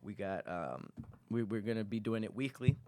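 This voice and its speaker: A man's voice: on the low side, big pitch swings, normal speed, darkish tone, slight background noise. A man hosting a comedic podcast, chatting in a laid-back, joking way and laughing often. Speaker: podcast host. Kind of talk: casual comedic chat.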